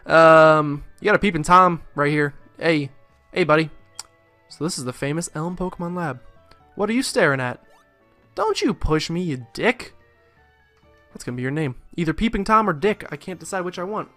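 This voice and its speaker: A man's voice: on the high side, animated, normal speed, sharp tone, faint music behind. A man doing casual let's play commentary, rambling with jokes and profane asides into a close mic.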